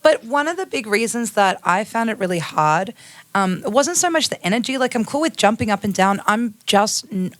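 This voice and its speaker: A woman's voice: medium pitch, lively intonation, moderate pace, no room sound. A woman hosting a casual interview, rambling and hesitant as she asks her questions. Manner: rambling, hesitant, full of fillers. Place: recording studio.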